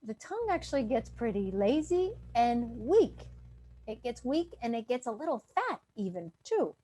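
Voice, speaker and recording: A woman's voice: on the high side, a little mellow. A woman dentist teaching an online class on breathing and tongue posture. She explains things plainly and stops to demonstrate throat sounds for the class. Her voice comes through a video call. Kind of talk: online lecture.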